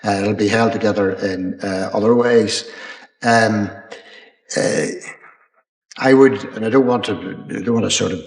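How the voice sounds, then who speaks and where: An older man, an archbishop, answering questions at a public dialogue in a measured, rambling way, pausing with ums and restarts. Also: on the low side. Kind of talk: unscripted panel answer. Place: college chapel. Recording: echoey chapel with long reverb.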